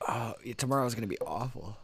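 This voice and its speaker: Male podcast co-host, animated pitch, casual and self-mocking while in pain. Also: fast talker, crowd noise. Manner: talks through the pain of eating hot wings, rambling and self-deprecating. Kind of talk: casual chat.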